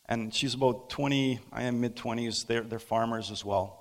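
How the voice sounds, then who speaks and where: A man preaching a sermon as a pastor, telling a story in a halting, unhurried way with frequent pauses. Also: mid-range voice, fairly even intonation. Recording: long hall reverb.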